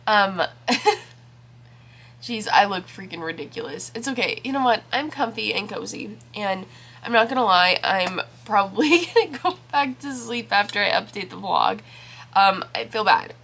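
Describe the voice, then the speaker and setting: A woman's voice: medium pitch, lively intonation, measured pace, creaky, a bit bright, husky. A woman chatting casually in a vlog about her week and her reading, talking in a rambling way with lots of fillers while congested and with a scratchy throat. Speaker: book vlogger.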